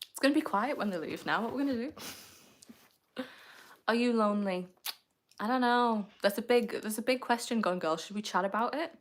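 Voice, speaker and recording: A woman's voice: a little high, a little fast, long pauses, slight background noise. A woman, chatting casually on a livestream, answering comments in a playful, teasing way and laughing often.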